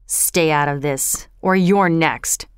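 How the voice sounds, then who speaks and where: A woman voicing a brutal, menacing grown man who threatens in a low, slow voice. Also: clear, resonant tone, no room sound, studio quality, close to an everyday voice.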